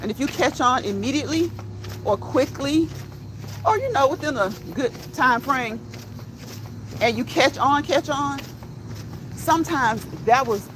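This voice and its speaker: A woman with a fairly high voice hosts a walking vlog, talking casually to her viewers as she goes. She checks in with a steady "okay?" and laughs often. Faint outdoor noise sits behind her voice. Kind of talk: casual chat while walking. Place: outdoors on a walk.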